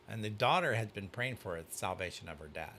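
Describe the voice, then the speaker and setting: A man's voice: lowish voice, brisk, a little hiss or hum. A man, a pastor, telling a story in casual chat and acting out the dialogue. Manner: animated storyteller, acts out dialogue. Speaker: youth pastor.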